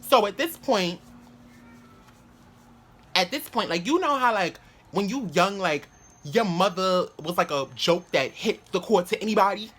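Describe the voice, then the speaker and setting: A man's voice: high-pitched, expressive, measured pace, long pauses, a bit bright. A man telling a story to camera in a casual vlog, rambling with lots of "like" fillers, restarts and swearing. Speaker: vlogger.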